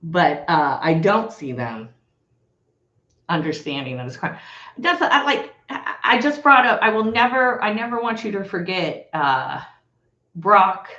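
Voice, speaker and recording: A fired-up Texan woman talks to her livestream viewers as y'all, blunt and swearing, in a bright, forceful, medium-pitched voice with big pitch swings and a slightly slow pace. The recording has an echoey room and slightly dull sound.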